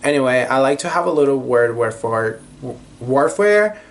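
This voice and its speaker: A man's voice: medium pitch, normal speed. A young man chatting casually to camera, giggling and gushing, often reading passages aloud. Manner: chatty and animated, gushing with giggles and filler words. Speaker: vlogger.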